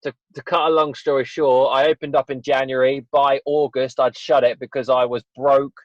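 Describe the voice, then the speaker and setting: A man's voice: medium pitch, level tone, moderate pace, dry recording. A man in his twenties, a podcast guest, telling his story in a rambling, candid way with many restarts. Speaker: guest, fitness business owner. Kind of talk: casual podcast interview. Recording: dull dry lo-fi audio.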